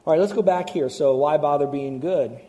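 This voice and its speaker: A man preaching a sermon as pastor, animated, shifting between loud emphasis and hushed, tender asides. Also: fairly high pitch, brisk, muffled recording.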